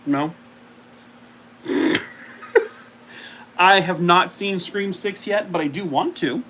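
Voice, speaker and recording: A man's voice: high voice, slow, background noise. A man hosting a casual live stream from home, chatting and cooing at his dog. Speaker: streamer host.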